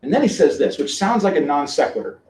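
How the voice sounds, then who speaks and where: A man giving a church teaching lecture in a conversational, animated way, acting out the quotes he tells. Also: on the high side, fast talker. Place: lecture room with a live audience. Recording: echoey room.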